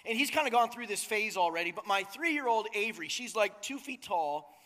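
A man's voice: high voice, expressive, a little fast, pushed and bright. A man in his thirties preaching a sermon in a casual, joking, conversational way, often checking in with the crowd. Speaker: pastor. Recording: long reverb of a large hall.

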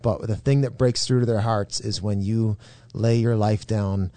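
A man's voice: lowish voice, fairly even intonation, a little slow, mellow, dry recording. A middle-aged man, a pastor hosting a podcast, talking casually and animatedly, laughing and restarting his phrases. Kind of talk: casual chat.

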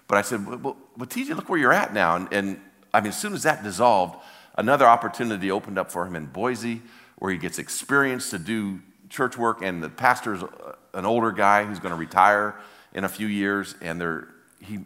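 An older male pastor preaches in a church, his low voice carrying a forceful edge. He tells his story from the heart, often stopping and starting over mid-sentence, and the long hall reverb hangs behind every phrase. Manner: heartfelt storytelling with halting restarts. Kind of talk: sermon.

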